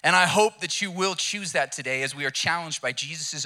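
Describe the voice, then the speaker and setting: A young male pastor preaching with a relaxed storytelling manner and easy jokes. His voice sits a bit high and bright, and he keeps a casual, conversational rhythm. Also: a little fast, few pauses. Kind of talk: sermon.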